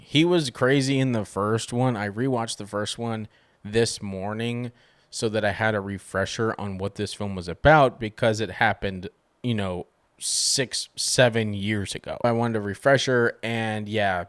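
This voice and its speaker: A man giving a casual spoken film review, animated, with sudden jumps in pitch for emphasis. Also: no echo.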